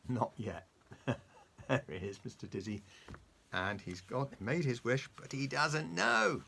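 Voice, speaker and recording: Man reading a story to a kid, lively, gravelly, bright tone. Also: medium pitch, slow pace, a little hiss or hum. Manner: animated, coaxing, asks the child questions. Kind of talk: reading a children's story aloud.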